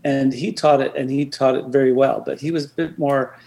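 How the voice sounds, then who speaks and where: A man's voice: medium pitch, level tone, fairly quick, gravelly, dark tone. An older man as an interview guest, reflecting on his past in a hesitant storytelling way, with many restarts.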